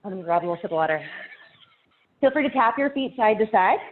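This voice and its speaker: A woman's voice: mid-range voice, animated, quick pace. A woman fitness instructor, out of breath as she cues a live workout class, counting down reps and cheering people on. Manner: encouraging, counts down reps, laughs between cues. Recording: tinny phone-like audio.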